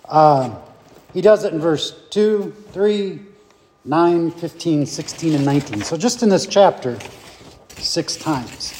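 A man's voice: fairly high pitch, lively intonation, takes it slowly, a little mellow, big-room sound, a little hiss or hum. A man leading an informal Bible study, teaching conversationally and putting questions to his group.

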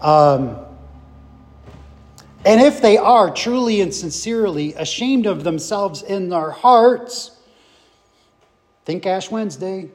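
A man's voice: high voice, big-room sound. A man leading an informal Bible study, teaching conversationally and putting questions to his group.

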